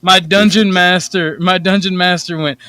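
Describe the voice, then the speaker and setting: A man chats casually on an online panel, telling lively anecdotes and laughing as he goes. His voice is bright and crisp and sits a bit high. The sound is dry and close. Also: moderate pace, no echo. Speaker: panel guest. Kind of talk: casual chat.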